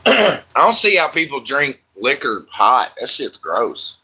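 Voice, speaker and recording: A man with a drawl hosts a laid-back livestream. He talks in an unhurried, drawn-out way with a bright, forceful edge to his voice. His banter with viewers is loose, slangy and peppered with swearing. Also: medium pitch, very animated, slightly rough. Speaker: livestream host. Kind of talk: casual livestream chat.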